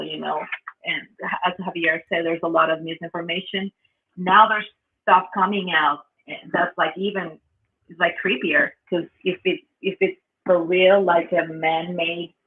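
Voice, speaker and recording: A man guesting on an interview as a band member, talking in halting bursts with many fillers. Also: high voice. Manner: halting, full of fillers and restarts. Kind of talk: casual interview chat. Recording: tinny phone-like line.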